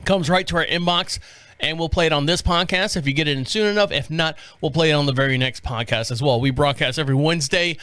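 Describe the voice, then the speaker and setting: A man's voice: fairly high pitch, fast talker, a bit bright, clean tone, dry recording. A man hosting a talk podcast in a small studio, rambling and chatty as he reads stories, often tripping over names. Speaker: podcast host. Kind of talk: casual talk show monologue. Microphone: studio mic on a stand.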